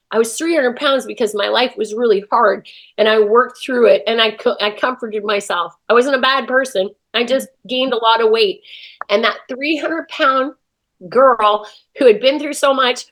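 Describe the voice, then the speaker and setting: A woman with a slightly high voice tells a personal story in an interview. She talks with lively feeling and acts out her own past thoughts as she goes. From Canada. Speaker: interview guest.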